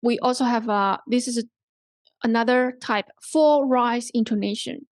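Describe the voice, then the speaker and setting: A woman's voice: fairly high pitch, moderate pace, no echo. A woman with a Hong Kong English accent teaching a workshop on English intonation, patient and repetitive, checking in often with "okay?" and "right?". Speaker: language workshop instructor.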